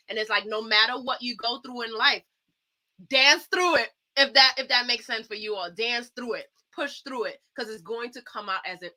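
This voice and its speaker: A woman speaks with a bright, forceful voice and tells her story in an animated, uplifting way. She is an earnest guest on a casual talk show. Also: a little high. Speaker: guest dancer.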